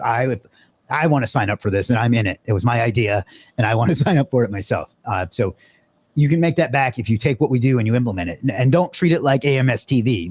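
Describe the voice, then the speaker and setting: A man's voice: mid-range voice, a little mellow, dry recording. Loose, profane man presenting live. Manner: loose and profane, with many fillers. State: out of breath. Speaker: host of a live webinar.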